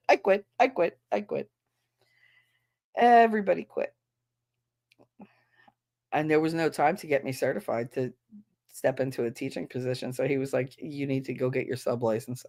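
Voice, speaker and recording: A woman in her thirties chatting casually, blunt and sarcastic, swearing freely and acting out quoted conversations. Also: fairly low pitch. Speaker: streamer chatting while sorting files. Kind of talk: casual ranting chat.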